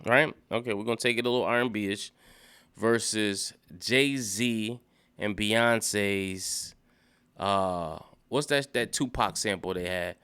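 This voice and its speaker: A man's voice: on the low side, unhurried, bright, forceful tone, clean tone. A man giving casual solo commentary, thinking aloud and rambling with many fillers and restarts.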